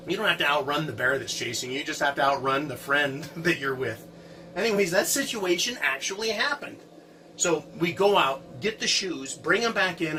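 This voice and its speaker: A man telling his own encounter story in a casual, animated way, repeating words and often asking "right?". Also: on the high side, distant mic, background noise. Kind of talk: casual first-person storytelling.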